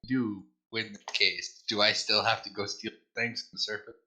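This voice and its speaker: A man playing in a tabletop game, excitable, swearing and laughing a lot as he banters with the group. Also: on the low side, normal speed, low-quality recording. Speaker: player.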